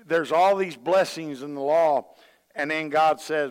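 A man preaches a sermon in a folksy, storytelling way, slipping into the voices of the people he quotes. His voice sits a little high for a man. The sound rings with the long reverb of a large hall. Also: measured pace, clear, resonant tone. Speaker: pastor.

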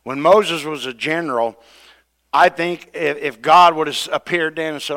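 A man preaching a sermon, retelling scripture with dramatic quoted voices. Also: moderate pace. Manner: dramatic, acts out quoted voices with rising pitch and loudness.

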